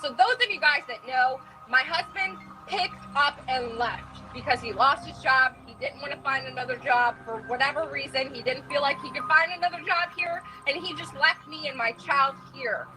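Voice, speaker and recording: A woman's voice: sits high, moderate pace, hardly any pauses, pushed and bright, faint music behind, poor audio. A woman ranting angrily to her viewers, swearing and recounting arguments from her chat. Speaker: streamer in a restreamed clip. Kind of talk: angry rant to viewers.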